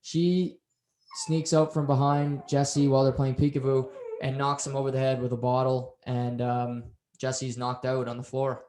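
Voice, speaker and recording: Guy on a podcast walking through an episode, acts out the quotes, mid pitch, kinda echoey room. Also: moderate pace. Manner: animated storytelling, acts out quotes. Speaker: podcast co-host. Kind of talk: casual show recap chat. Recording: roomy echo.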